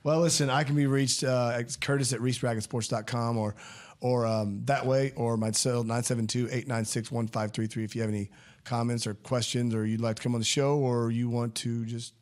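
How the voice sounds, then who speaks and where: Relaxed male podcast host, jokey and casual, calls his guest "dude". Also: mid-range voice, a little fast. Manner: laid-back, jokey, says "dude" a lot.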